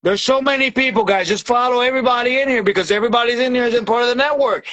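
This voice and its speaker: A man hosting a casual livestream chat, loud and excitable, with shouted bursts and lots of slang. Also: very high voice, fast, few pauses. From Tampa, Florida. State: sweating from heat. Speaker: livestream host.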